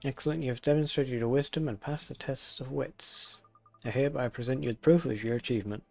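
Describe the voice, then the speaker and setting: A man voicing a solemn old sage from a game, reading the lines aloud in a slow, measured way. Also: medium pitch, vocal fry, mellow, voice pushed up.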